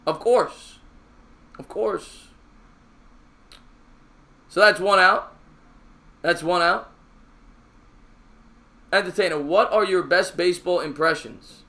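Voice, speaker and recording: Man, fan play-by-play, high voice, sharp forceful tone, chatty with viewers, excitable on big plays. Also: slow pace, long pauses. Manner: chatty, answers viewer comments between pitches. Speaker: live stream host.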